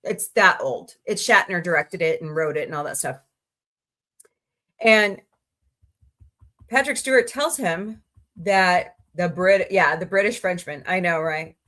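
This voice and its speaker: Woman livestream host, casual, rambling, quick to laugh, home desk mic. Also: a bit bright. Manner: chatty, rambling, reads chat aloud and greets viewers; laughs easily, voices reactions with sudden high squeals.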